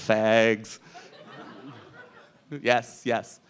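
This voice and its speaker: A man's voice: on the high side, expressive, measured pace, clear, resonant tone. A man hosting a drag comedy show, doing stand-up crowd work on a club stage in a brash, profane way as he teases the audience.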